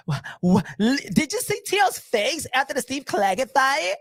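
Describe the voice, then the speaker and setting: Animated, mocking New man ranting. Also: extremely high pitch, normal speed, no room sound. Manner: loud, mocking, laughing, with stammered restarts. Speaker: boxing commentator.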